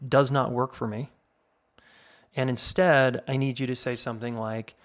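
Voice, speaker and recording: A man's voice: mid-range voice, fairly even intonation, normal speed. A man hosting a relationship advice podcast, chatting casually as he reads a listener's question and comments on it. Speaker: podcast host.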